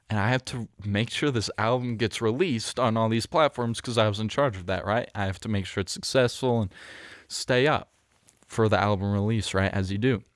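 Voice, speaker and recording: Young guy rambling thru a podcast story, lowish voice, super clean and dry on the mic. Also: no room sound. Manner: rambling, self-correcting, with many fillers. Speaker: podcast host. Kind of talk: casual storytelling chat. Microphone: studio mic close up.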